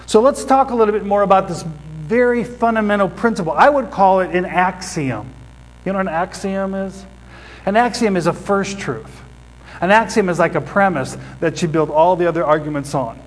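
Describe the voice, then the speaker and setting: A man's voice: high voice, moderate pace, rough recording. A man preaching a sermon to a congregation, explaining scripture as a teacher and putting questions to his listeners. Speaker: pastor. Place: church before a congregation.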